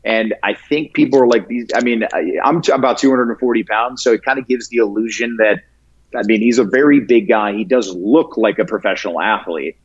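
Relaxed, halting man on a muffled line. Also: fairly low pitch, husky. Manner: halting, many restarts and fillers, laughs easily. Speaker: guest, prank video creator. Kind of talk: casual interview chat.

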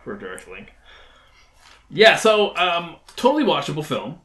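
A man's voice: fairly high pitch, wildly swooping pitch, normal speed, a crowd in the background. A man co-hosting a casual podcast chat, with dry, teasing remarks. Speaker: podcast co-host.

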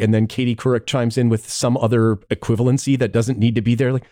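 A man's voice: medium pitch, level tone, fast talker, hardly any pauses, dark tone, no echo, studio quality. A man co-hosting a podcast in casual chat, sardonic with laughing asides. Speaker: podcast co-host.

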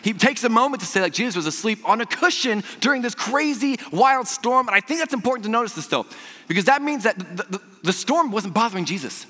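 A young male preacher with a bright, fairly high voice and a casual, chatty delivery. He tells his sermon like a story, animated and quick to laugh, often stumbling over repeated words. A long reverb from a large room trails behind his voice.

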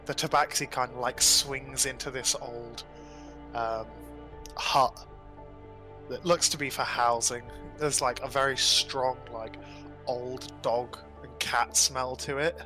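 Bright-voiced game master narrating. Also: male voice, medium pitch, flat delivery, slow. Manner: loose and descriptive, with frequent ums and likes. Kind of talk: casual tabletop game narration. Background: faint music.

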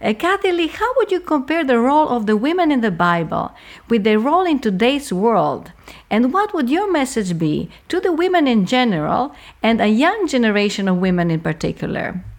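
A woman interviewer asking formal, measured questions and quoting from her guest's book. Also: fairly high pitch, big pitch swings. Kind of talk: interview questions, partly read.

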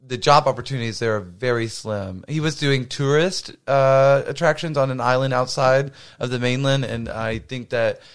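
A man's voice: mid-range voice, moderate pace, hardly any pauses, clear, resonant tone. A man co-hosting a podcast from his home, chatting casually and rambling with many fillers and restarts. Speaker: podcast co-host. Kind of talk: casual chat.

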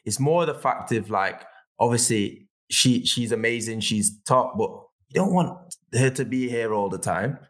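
A young man co-hosts a casual podcast chat in an ordinary mid-range voice. He talks in a relaxed, laid-back way and agrees easily. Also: medium pitch, measured pace. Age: young adult. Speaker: podcast co-host.

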